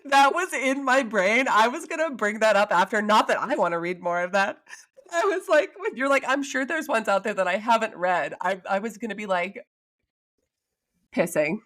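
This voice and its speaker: A woman's voice: fairly high pitch, lively intonation, moderate pace, a bit bright. A woman co-hosting a podcast in casual chat, reading out listener questions with frequent exclamations. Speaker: podcast co-host.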